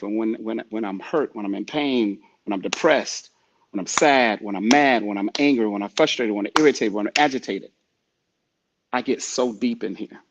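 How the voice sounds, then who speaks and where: Through a muffled recording, a man with a mid-range voice hosts a motivational podcast. His talk is preachy and repetitive, aimed straight at the listener.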